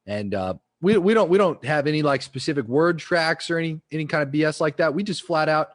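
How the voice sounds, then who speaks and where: Quick, chatty man, dry close-up recording. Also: fairly high pitch, no room sound. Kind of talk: casual chat.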